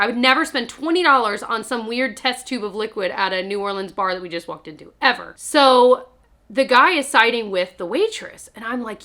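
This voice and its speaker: A young adult woman vlogger, chatting through an animated, emphatic story while doing her makeup at home. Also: fairly high pitch.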